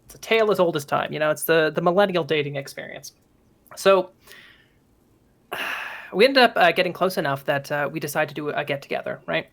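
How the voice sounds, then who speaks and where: A man's voice: a little high, brisk, vocal fry, a bit bright. A young man from Minnesota with a light Minnesotan accent, casually telling a profane, joking story in a chat. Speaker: guest.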